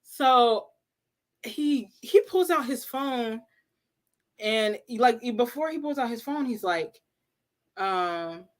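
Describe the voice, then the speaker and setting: A woman hosting a casual livestream, telling a story in an animated, laughing way and acting out what people said. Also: on the high side, slow, long pauses. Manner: animated, laughing storyteller who acts out quotes. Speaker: livestream host.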